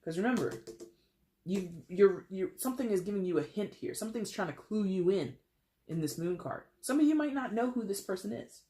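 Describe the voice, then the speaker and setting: Excitable chatty tarot reader. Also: medium pitch, brisk. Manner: excitable, addresses viewer directly, repeats words; casual and chatty with restarts. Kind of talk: tarot reading for viewers.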